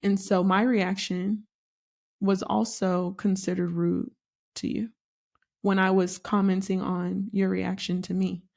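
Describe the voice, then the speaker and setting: A young adult woman co-hosting a casual chat about marriage, telling a story and acting out the quotes with lively emphasis. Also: medium pitch, unhurried, creaky. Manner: animated storytelling, acts out quotes. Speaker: podcast co-host.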